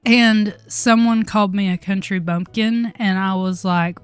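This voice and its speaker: A young woman, chatting candidly to camera in a relaxed, talkative vlog and laughing often. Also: medium pitch, moderate pace, hardly any pauses, smooth, no room sound. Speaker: vlogger. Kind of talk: casual chat to camera.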